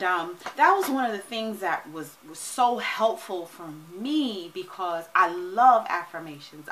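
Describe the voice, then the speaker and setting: Give me a forceful, energetic woman coach chatting to her viewers. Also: mid-range voice, poor audio. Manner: energetic and emphatic, often asks "right?". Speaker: money and wealth coach. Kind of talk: casual vlog talk to camera.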